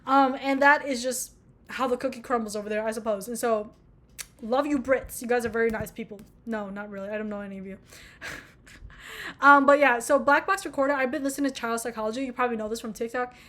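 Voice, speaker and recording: A fast-talking young woman from the U.S. with a fairly high, slightly bright voice vlogs about music. In her twenties, she chats casually, rambling and swearing while mocking herself.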